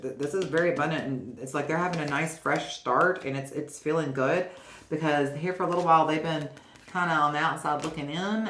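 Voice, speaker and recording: Low-pitched lady doing a chatty tarot reading, keeps saying okay, roomy echo. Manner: chatty, often ends with "okay?". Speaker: tarot reader. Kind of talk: casual tarot reading to camera. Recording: roomy echo, faint noise.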